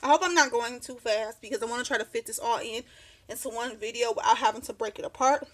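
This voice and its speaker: A woman's voice: on the high side, fast talker, a little hiss or hum. A woman in her thirties chatting casually through a craft show-and-tell at her home desk, rambling, laughing often and sounding slightly out of breath. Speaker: craft vlogger.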